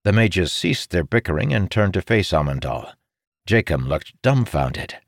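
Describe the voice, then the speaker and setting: A man narrating a fantasy story in an expressive, dramatic storytelling manner. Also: sits low, measured pace, dry recording, studio quality. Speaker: audiobook narrator.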